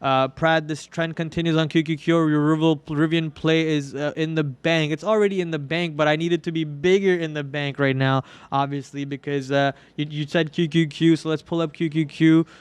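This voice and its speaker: A man's voice: on the high side, steady tone, moderate pace, hardly any pauses, clear, resonant tone, no room sound. A young man hosting a live trading stream in casual commentary, joking and melodramatically whining about his losses. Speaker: trading livestream host.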